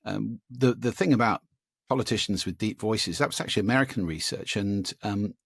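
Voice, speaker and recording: Guy with a low gravelly kinda husky voice, animated, demoing voice tricks in an interview, dry sound. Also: a little fast, dry recording. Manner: animated, demonstrative, gives vocal examples. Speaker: guest, speaker on voice and listening. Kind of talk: explanatory interview answers.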